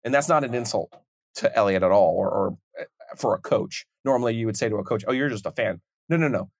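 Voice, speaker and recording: A man hosting a podcast, talking in a measured, conversational way. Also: on the low side, expressive, no room sound, clean studio sound. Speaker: podcast host.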